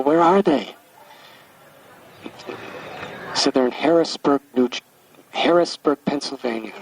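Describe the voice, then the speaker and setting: A man in his sixties from the United States, a spiritual teacher telling a devotional story in a gentle, halting way, often repeating words as he recalls. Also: mid-range voice. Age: 60s. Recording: distant mic with faint background hiss.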